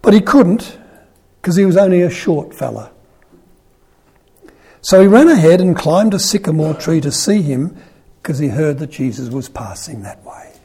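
An older man preaches in a loose, conversational way, joking and voicing the people in the story with lifted emphasis. His voice is husky and mellow, sitting a little high for a man. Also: lively intonation, moderate pace, pauses often. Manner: chatty and humorous, acts out quoted lines with rising emphasis. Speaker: priest. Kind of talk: informal sermon on the Gospel.

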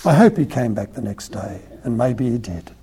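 A man giving a conversational sermon, retelling a Gospel story in an animated, storytelling way. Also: medium pitch, moderate pace, husky.

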